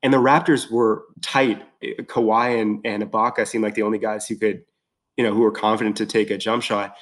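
A man chatting casually as a guest, excited and rambling, full of fillers and restarts. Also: fairly low pitch, brisk. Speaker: podcast guest. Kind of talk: casual chat.

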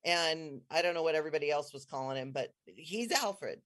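Excitable rambling storyteller, mid-pitched voice. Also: brisk. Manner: excitable, bursts into high squeals when quoting herself; rambling, many restarts and trailing phrases. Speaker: guest telling a personal story. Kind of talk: casual conversational storytelling.

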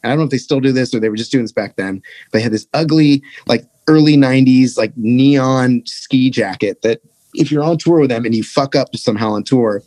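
Fast-talking profane man telling a story. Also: dry recording. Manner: animated, profane, acts out quotes in a higher voice. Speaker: podcast guest, touring musician. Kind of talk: casual storytelling.

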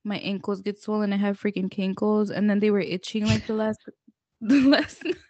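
A woman's voice: mid-range voice, fairly even intonation, moderate pace, warm tone, no room sound. A young woman co-hosting a casual podcast chat, laughing often as she tells stories about her kids. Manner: laughs a lot while telling stories. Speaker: podcast co-host.

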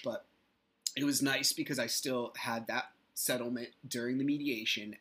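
A man's voice: medium pitch, bright, forceful tone. Fired-up man telling his story. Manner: heated storytelling, swears, acts out quoted people. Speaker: podcast host. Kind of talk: solo podcast monologue.

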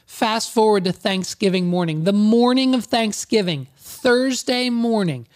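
A man's voice: sits high, animated, unhurried. A man podcaster telling a comedic story in a sarcastic, rambling way.

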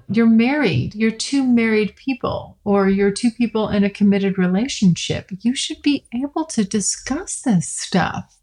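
Middle-aged woman, solo podcast host; frank, chatty, loose delivery with restarts. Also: medium pitch. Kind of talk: casual solo podcast talk.

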